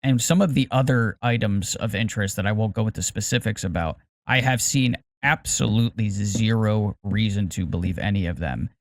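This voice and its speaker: Cautious, halting man on a podcast. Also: lowish voice, no echo, studio quality. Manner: careful, hesitant, repeats words while choosing them. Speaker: podcast co-host. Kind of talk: casual podcast chat.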